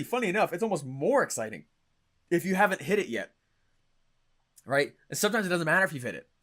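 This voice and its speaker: A young adult man coaching on marketing, talking in an energetic, punchy way and often checking in with "right?" and "okay?". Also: on the high side. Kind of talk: stage-style teaching talk.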